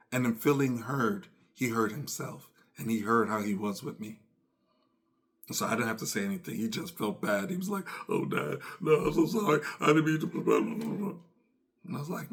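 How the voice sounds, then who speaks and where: A man's voice: medium pitch, fairly bright tone. A middle-aged man hosting a podcast, speaking earnestly and reflectively, often repeating phrases and acting out remembered conversations. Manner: earnest, repeats phrases, acts out quoted dialogue. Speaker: podcast host. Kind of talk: reflective personal talk.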